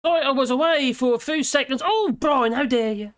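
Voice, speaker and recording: A woman's voice: high voice, a little fast. Chatty middle-aged British woman livestreaming. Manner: chatty, rambling, laughs often, reads viewer comments aloud. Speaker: livestream host. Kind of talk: casual political livestream chat. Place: home room with dogs.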